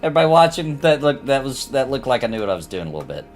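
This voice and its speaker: A man's voice: mid-range voice, sing-song, very fast, soft background music. A man streaming a game live, chatting to his viewers and laughing often as he plays. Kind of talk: live gameplay commentary.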